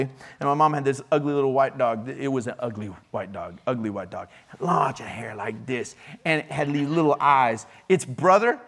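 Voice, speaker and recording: A man preaching a casual, joking sermon in a church, with animated swings in pitch and loudness. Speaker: pastor.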